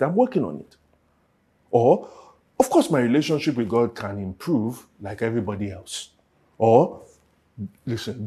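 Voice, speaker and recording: A Nigerian man preaching in church with a fairly high voice that sits on the warm, mellow side. His tone is a little husky. He swings between soft, reflective passages and loud, pressing calls to his listeners. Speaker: pastor. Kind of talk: sermon.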